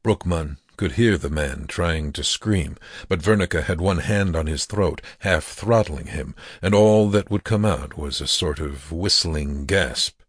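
A man reads a dark tale aloud in a grave, measured way. His voice is very low and unhurried, slightly husky, and sounds close and dry. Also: no echo. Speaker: narrator. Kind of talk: audiobook narration.

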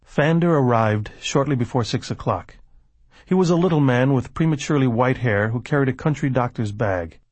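A man narrating a novel in a measured storytelling manner. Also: medium pitch, a little mellow, no echo. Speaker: audiobook narrator. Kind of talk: scripted narration.

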